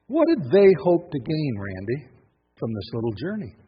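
A man preaching a sermon, full of questions and playful asides, dropping to a hush and then bursting out loud. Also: a little high, huge pitch swings, normal speed, husky, long reverb tail, dull audio, soft background music. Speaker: pastor.

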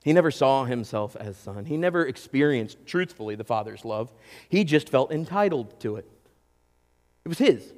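Guy preaching, lively, acts out the quotes, echo trailing in a big hall. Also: mid-range voice, normal speed. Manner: animated, acts out quotes, talks to audience. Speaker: pastor. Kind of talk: sermon.

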